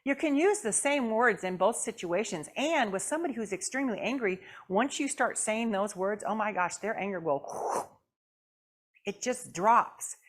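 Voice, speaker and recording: A woman's voice: medium pitch, lively intonation, moderate pace. A woman guest speaker giving a conversational sermon in church. She asks the audience questions and acts out the voices she quotes. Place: church sanctuary.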